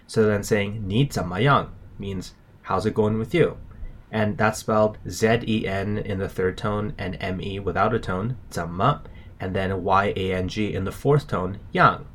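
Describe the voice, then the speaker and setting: A man's voice: lowish voice, fairly even intonation, moderate pace, slight background noise. A man co-hosting a language lesson, explaining words steadily. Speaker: language podcast co-host.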